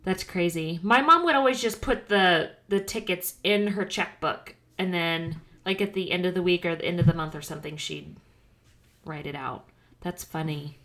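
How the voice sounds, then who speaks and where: A woman's voice: fairly low pitch, normal speed, fairly bright tone. Chatty nasal woman with a slight lisp. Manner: rambling, chatty, trailing off. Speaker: podcast co-host. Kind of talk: casual chat. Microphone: studio microphone.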